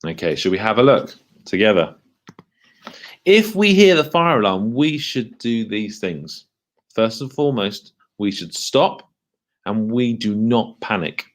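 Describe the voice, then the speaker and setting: A man leading a school assembly for children, speaking in a lively, questioning way and slowing down to stress key words. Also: lowish voice.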